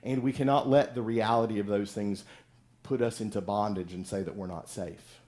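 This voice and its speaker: A man's voice: lowish voice, fairly even intonation, moderate pace, darkish tone. A middle-aged male pastor giving a conversational sermon, acting out the voices of people in the story he tells.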